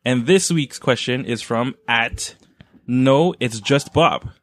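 A man's voice: medium pitch, takes it slowly. A man hosting a casual podcast, upbeat and joking, laughing often with his co-hosts. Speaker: podcast host.

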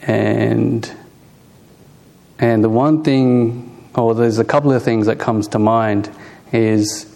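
A man gives an informal Buddhist talk on meditation at a very slow, easy pace. His voice has a gravelly, creaky edge and sits at an ordinary pitch for a man. He speaks haltingly, full of ums and restarts, with soft chuckles along the way. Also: steady tone. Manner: unhurried and halting, many fillers and restarts, chuckles softly.

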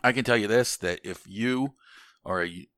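A very deep-voiced American man talking in loose, casual conversation. He rambles, restarts his sentences often, and swears offhandedly. The sound is dry and close. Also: normal speed, fairly bright tone, no echo. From United States. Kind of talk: casual chat.

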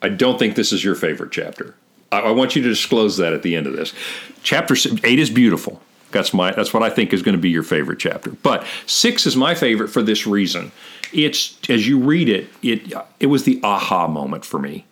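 Animated man teaching scripture. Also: a little fast. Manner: animated, acts out quoted lines with big pitch jumps. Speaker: Bible teacher, guest. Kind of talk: casual theological discussion.

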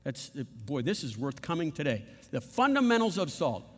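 A man's voice: on the high side, big pitch swings, normal speed, big-room sound. A man preaching a sermon as pastor, emphatic and repetitive, with playful asides.

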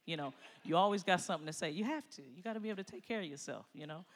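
A middle-aged woman preaching a sermon, moving between quiet personal stories and loud exhortation. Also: lowish voice, rapid-fire. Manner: animated, swings from quiet storytelling to loud exhortation, laughs often. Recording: long hall reverb.

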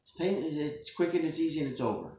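A man in a casual joking chat, telling a rambling, deadpan tale full of swearing. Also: a little high, fast. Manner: rambling, deadpan storytelling with profanity. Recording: echoey room.

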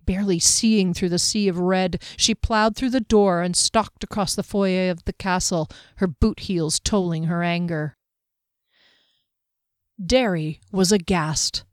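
Woman narrator for a fantasy novel, measured and expressive, dry close studio sound. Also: lowish voice, no echo. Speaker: audiobook narrator.

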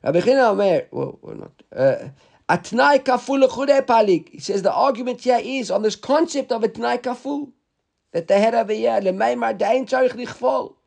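High-voiced man teaching a Talmud class. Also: lively intonation, normal speed, gravelly, a little mellow. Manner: reads Hebrew and Aramaic text aloud then explains in English.

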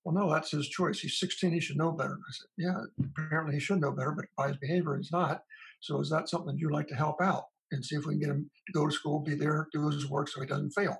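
The audio is poor as a psychologist guest recounts, in a conversational interview answer, his dialogues with parents, thinking aloud with restarts. His slightly high voice moves quickly with fairly even intonation, sounding gravelly with a breathy edge.

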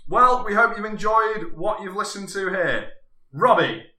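A man's voice: high-pitched, animated, a little slow, pushed and bright, far from the mic, slight background noise. A man hosting a casual comedy podcast, upbeat as he wraps up the show and plugs events. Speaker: podcast host. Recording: echoey room, set back from the mic.

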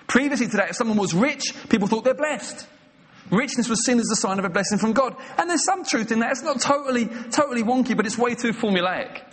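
A man's voice: very high voice, lively intonation, fast. A man preaching a sermon with passion and emphasis, retelling scenes and pressing his points home. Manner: impassioned, emphatic, acting out scenes in quoted voices.

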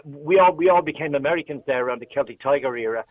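A man's voice: on the high side, quick pace. A man with an Irish accent calling in to a radio show, chatty and opinionated. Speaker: caller. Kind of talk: casual radio call-in chat. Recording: dull phone-line sound.

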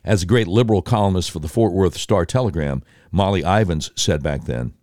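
A man telling political history in an animated way, breaking into quick impressions of voters and politicians. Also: low voice, dry recording, clean studio sound.

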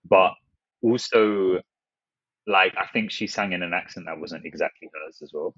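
A man's voice: sits low, normal speed, a bit bright, slightly rough, dry recording, muffled recording. A young man with a London accent, chatting casually as a podcast co-host, full of fillers and asides. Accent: London English. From England. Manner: chatty, lots of fillers and "you know".

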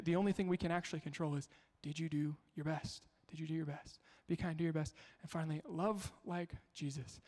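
Pastor, male, fairly high voice, storytelling sermon with rhetorical questions, echoing in a big hall. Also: a little mellow. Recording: long hall reverb.

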